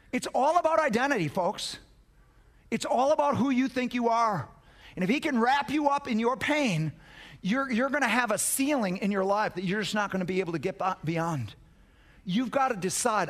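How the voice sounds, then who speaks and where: A man preaching a sermon as pastor, passionate, repeating words for emphasis and swinging between loud urgency and hushed intensity. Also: sits high, expressive, moderate pace.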